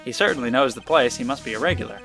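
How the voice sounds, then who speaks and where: A man's voice: mid-range voice, expressive, rapid-fire, bright, forceful tone, soft background music. A man voicing a polite young male lawyer who asks careful questions.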